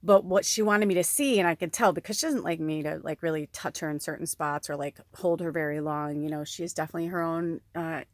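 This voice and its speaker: A chatty woman vlogger with a fairly low voice rambles to her viewers in a dry, close recording. Her talk is full of fillers and easy laughter, with casual swearing mixed in. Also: quick pace, hardly any pauses, no echo. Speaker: spiritual medium vlogger. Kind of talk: casual rambling monologue to camera.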